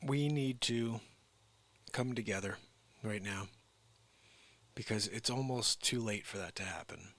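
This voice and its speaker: A man's voice: lowish voice, unhurried, long pauses, a bit bright. A man rambling in a jokey, drifting monologue as a vlogger.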